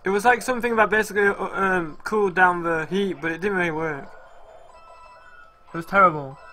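A man's voice: high voice, a little fast, pushed and bright, soft background music. A man co-hosting a game stream, chatting casually, teasing and playing dumb for laughs. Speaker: co-host.

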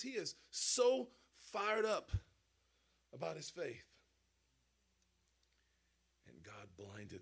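A man preaching an animated sermon, with rhetorical questions and playful sound effects. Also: high voice.

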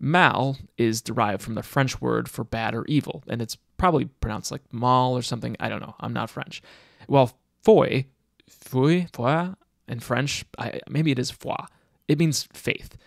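Gravelly man narrating a video. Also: medium pitch, moderate pace, dry recording, clean studio sound. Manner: casual, speculative. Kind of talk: scripted narration.

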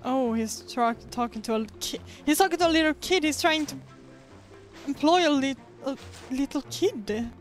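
A woman's voice: sits high, moderate pace, soft background music. A woman streamer giving casual, chatty gameplay commentary, giggling and poking fun at herself. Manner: chatty, giggly, self-mocking.

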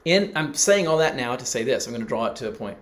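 A man's voice: mid-range voice, expressive, fast. A middle-aged man preaching, telling a personal story and acting out the people he quotes. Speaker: pastor. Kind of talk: sermon.

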